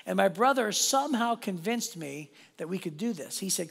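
A man preaching a sermon as a pastor, telling a personal story in an animated, self-deprecating way and speaking straight to the congregation. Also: sits high, moderate pace, vocal fry, husky. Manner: animated, self-deprecating, addresses the audience directly. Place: church auditorium. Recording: long hall reverb.

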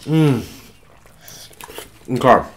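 A woman's voice: extremely low pitch, lively intonation, extremely slow. A woman eating on camera with her child, chatting casually and coaxing between bites. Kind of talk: casual eating vlog chat.

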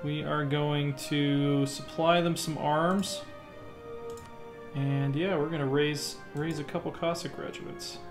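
A man's voice: a little high, steady tone, slow, over music. A man hosting a strategy game playthrough, thinking aloud as he clicks through menus and muttering half-finished plans. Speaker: let's play host. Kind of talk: casual gameplay commentary.

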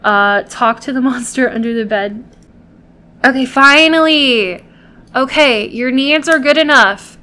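A woman's voice: sits high, unhurried, pushed and bright. A woman hosting a gameplay video, chatting casually to viewers and coaxing and pleading with the characters she controls.

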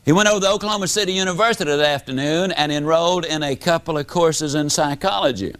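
A man's voice: fast talker, fairly bright tone, clear, resonant tone. A man giving a motivational speech, telling a story in a folksy, dramatic way. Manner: folksy, dramatic, wide pitch swings. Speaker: motivational speaker.

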